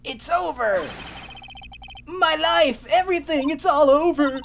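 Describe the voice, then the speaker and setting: A woman voicing a hysterical, melodramatic young man in a game, wailing and shouting. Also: high voice, a little slow, slight background noise, voice pushed up.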